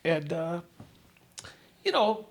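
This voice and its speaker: A man's voice: fairly high pitch, very animated, slow. A middle-aged man, a podcast guest, earnestly and casually telling a personal story from his life. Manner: earnest, casual, often says "dude".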